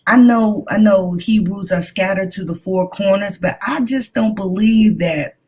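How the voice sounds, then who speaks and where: A woman talking fervently and with excitement in a religious discussion. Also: medium pitch, breathy edge.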